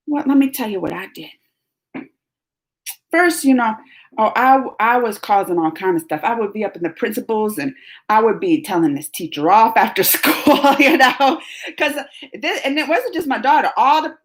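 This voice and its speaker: A middle-aged woman telling a long, fired-up story on a live stream, rambling and emphatic. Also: mid-range voice.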